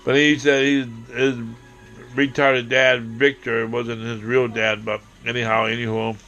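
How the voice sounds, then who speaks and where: A man telling a rambling, profane personal story, acting out quotes and breaking into shouting. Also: mid-range voice, level tone, measured pace, soft background music.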